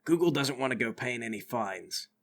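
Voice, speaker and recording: A man voicing a blunt, gruff hired security guard in a tabletop game. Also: mid-range voice, animated, normal speed, fairly bright tone, a little hiss or hum, voice pushed down.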